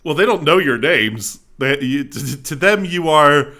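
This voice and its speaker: A man running a tabletop game as game master, describing scenes in an amused way with halting restarts. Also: on the high side, lively intonation, sharp tone.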